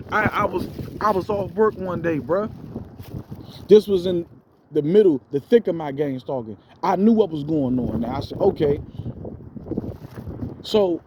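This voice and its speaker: A man's voice: sits high, noisy background. A man telling a spiritual testimony in a casual, slangy way, calling his listeners bro. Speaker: storyteller giving a spiritual testimony.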